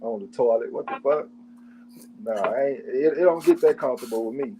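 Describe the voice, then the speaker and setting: A man talking bluntly and profanely in relaxed, casual chat. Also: mid-range voice, a little fast, a little hiss or hum, rough recording. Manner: blunt, profane, laid-back.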